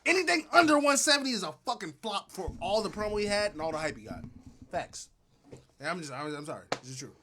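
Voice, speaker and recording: A man with a very high, bright, sharp voice rants in a brash, mocking way. He talks casually beside the host on a livestream. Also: big pitch swings, fast, slight background noise.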